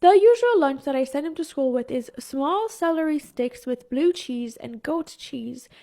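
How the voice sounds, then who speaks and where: A woman narrating posted stories in an even, steady reading voice. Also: high-pitched, a little slow. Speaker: story narrator.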